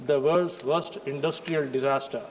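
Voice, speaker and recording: A man with an Indian English accent gives a formal, emphatic speech in parliament and keeps addressing the chair. His voice sits high, and it carries a long reverb from the large chamber. A faint murmur hangs behind him. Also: fairly even intonation, normal speed, a little hiss or hum. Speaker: member of parliament.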